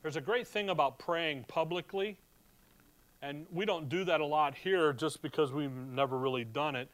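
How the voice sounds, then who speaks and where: Man, pastor, middle-aged, conversational sermon, slightly high voice, reads verses aloud. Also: normal speed.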